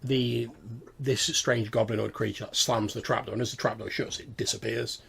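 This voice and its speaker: A man's voice: mid-range voice, steady tone, moderate pace, vocal fry, fairly bright tone, a little hiss or hum. A man narrating a tabletop game as game master in a rambling, casual way.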